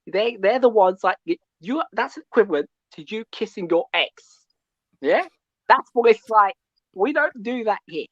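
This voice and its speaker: A male caller ranting about football, loud and animated, who keeps asking "yeah?" between points. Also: high-pitched, unhurried, no room sound, dull audio. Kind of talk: call-in football rant.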